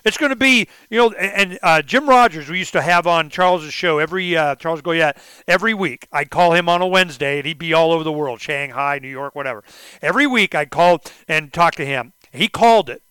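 High, bright, excitable male talk host. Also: fairly quick, clean tone, no room sound. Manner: rambling and animated, acts out quoted exchanges. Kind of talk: political talk interview.

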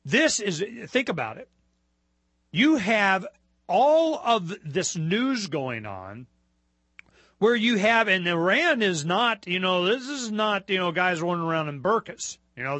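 A man hosting a talk show, reading news items out loud and drifting into rambling asides with lots of fillers and restarts. His voice is bright and a touch high. The sound is close and dry, with almost no room around it. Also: dry recording.

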